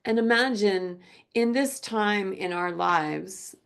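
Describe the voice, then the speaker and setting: A woman teaching a gentle yoga class, speaking softly and slowly. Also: medium pitch, vocal fry, smooth. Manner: slow, soft-spoken, drifts into quiet chanting.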